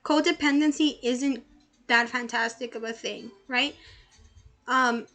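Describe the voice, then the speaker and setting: High-voiced young woman, nervous gaming commentary. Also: steady tone, a little slow, sharp tone, soft background music. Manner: nervous, jittery, laughing in fear. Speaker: let's play streamer. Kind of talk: gaming commentary and reading aloud.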